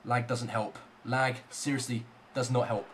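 A man commentating his own online football game, ranting and swearing heavily, swinging between shouts and low muttering. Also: level tone, a little slow, slight background noise. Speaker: gaming channel host. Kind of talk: live gameplay commentary.

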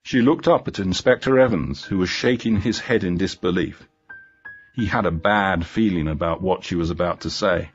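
Low-voiced man reading a story. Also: normal speed, muffled recording, faint music behind. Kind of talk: graded reader story narration.

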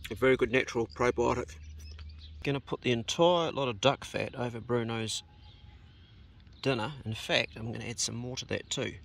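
Out on a beach, a homesteading vlogger with a New Zealand accent chats casually and talks fondly to his dog. He speaks at a moderate pace in a medium-pitched voice that's gravelly and fairly bright.

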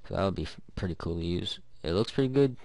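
A man's voice: low-pitched, lively intonation, fast talker, creaky, a little mellow. A man giving rambling, joking commentary to himself while opening loot in a video game. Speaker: gaming YouTuber. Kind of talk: casual gameplay commentary.

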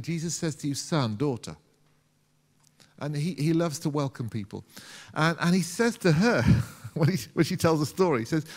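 A British pastor delivers a sermon in a church hall, his somewhat high voice carried by long, reverberant echo. He preaches conversationally, posing rhetorical questions and acting out quotes.

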